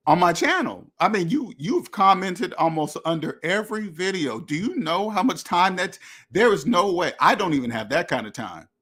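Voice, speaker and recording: Blunt, lecturing man, slightly high voice. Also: fairly bright tone. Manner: blunt, repetitive, lecturing, with many restarts. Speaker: finance channel host. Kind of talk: direct-to-camera rant.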